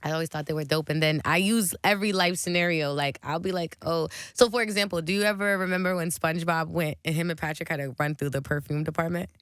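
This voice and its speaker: A woman in her twenties, a guest on a radio show, talking in a relaxed, chatty way full of "like". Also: deep voice, fast, few pauses, smooth, no echo, studio quality. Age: 20s. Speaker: musician guest. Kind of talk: casual radio interview. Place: radio studio.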